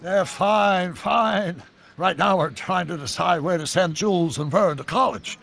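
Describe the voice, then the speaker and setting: An actor playing an eccentric older male scientist in a video game, animated and full of technical talk. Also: sits high, unhurried, gravelly, full character voice. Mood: fond. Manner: animated, talks in long technical run-ons. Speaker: time-travelling inventor. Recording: video game audio with faint background music.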